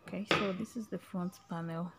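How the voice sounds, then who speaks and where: Gravelly low-voiced woman teaching sewing. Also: steady tone, a little fast, heavy background noise. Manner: chatty, checks in with "okay?" often. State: voice breaking, partly whispered. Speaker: sewing tutor. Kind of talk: casual step-by-step sewing tutorial.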